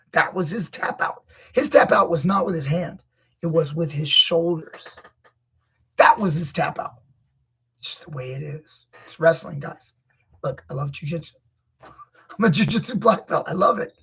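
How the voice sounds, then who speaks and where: A man coaching grappling, breaking down a wrestling match with emphatic, opinionated commentary that rises to near-shouts when he gets indignant. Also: fairly high pitch, normal speed, slightly rough. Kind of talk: video commentary.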